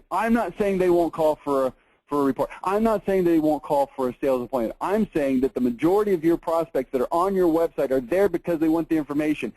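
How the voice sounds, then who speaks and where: A man giving a lively marketing seminar lecture, emphatic and animated, often checking in with "okay?". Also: on the high side, fairly quick, no room sound, rough recording.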